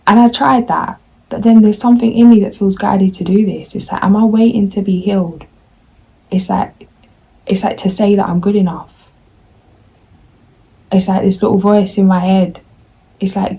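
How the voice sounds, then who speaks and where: A woman's voice: medium pitch, fairly even intonation, normal speed, gravelly, pauses often, warm tone, husky, poor audio. A woman tarot reader talking candidly to her viewers in a rambling way, often voicing her own inner self-talk. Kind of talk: candid confessional vlog.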